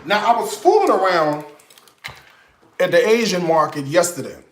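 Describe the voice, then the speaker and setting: Guy cooking at home, chatty and jokey, voice bounces all over, kinda high, echoey kitchen. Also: lively intonation, moderate pace. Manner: playful, chatty, teasing asides. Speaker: cooking show host. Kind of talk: casual cooking demo with jokes.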